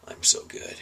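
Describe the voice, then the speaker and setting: A man casually telling a story in a vlog, rambling with many fillers and chuckles. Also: sharp tone. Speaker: vlogger.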